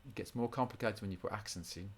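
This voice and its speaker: Low-voiced man teaching guitar rhythm. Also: fast, a little hiss or hum. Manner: rambling with many restarts, counts rhythms aloud. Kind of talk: informal spoken lesson.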